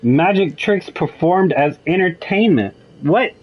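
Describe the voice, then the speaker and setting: A young man offers let's-play commentary while gaming, speaking at a measured pace in a high-pitched voice with lively intonation. He muses aloud and tosses out wry jokes, and the slightly muffled recording carries faint game music.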